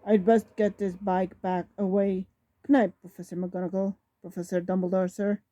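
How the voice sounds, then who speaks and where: Woman reading as a tearful soft-hearted giant. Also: mid-range voice, flat delivery, normal speed, no room sound, highs cut off, lightly acted. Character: huge tearful male half-giant groundskeeper, soft-hearted.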